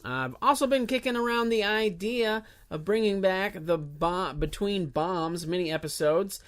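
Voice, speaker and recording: A man's voice: sits high, lively intonation, measured pace, clear, resonant tone. A man hosting a comedy podcast, talking casually through announcements with frequent filler words and loose, rambling asides. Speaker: podcast host. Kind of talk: solo podcast intro announcements.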